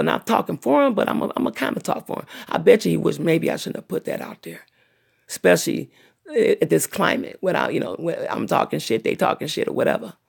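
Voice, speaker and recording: Woman, middle-aged, livestream host, gravelly fry, husky, profane, long-winded. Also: fairly low pitch, a little mellow. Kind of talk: unscripted livestream rant.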